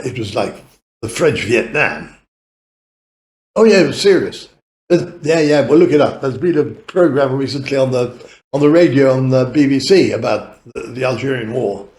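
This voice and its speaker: In an echoey room, a British man in his eighties spins long, meandering anecdotes as a podcast guest. He has a slightly mellow, mid-range voice, swears offhandedly, and laughs frequently.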